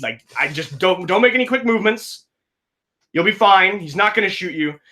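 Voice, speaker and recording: A man's voice: sits high, lively intonation, normal speed, bright, forceful tone, voice pushed up. A man doing a tense, urgent gunman. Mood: urgent coaxing. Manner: urgent, pleading. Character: tense armed man coaxing a kid.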